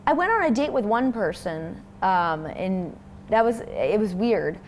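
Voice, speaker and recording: A woman's voice: medium pitch, big pitch swings, unhurried, a little hiss or hum. A young woman from Toronto, chatting casually as an interview guest and rambling with plenty of fillers. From Toronto, Canada.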